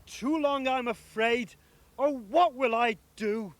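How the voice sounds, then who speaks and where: A man voicing a jolly, kindly old Father Christmas in a storybook reading, warm and fatherly. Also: extremely high pitch, slow, voice pushed up. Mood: sad.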